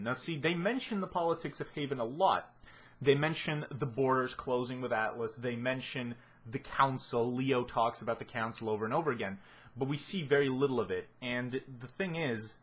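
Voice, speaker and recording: Rambling husky-voiced man analysing a series. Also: medium pitch, fairly bright tone. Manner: rambling, many restarts and fillers, sardonic. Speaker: video essayist. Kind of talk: casual analysis monologue.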